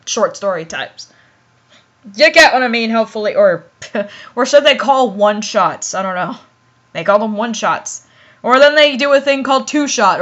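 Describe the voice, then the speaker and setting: High, bright, giggly woman reading fan fiction. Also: muffled recording. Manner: giggly, laughs often, stumbles over words.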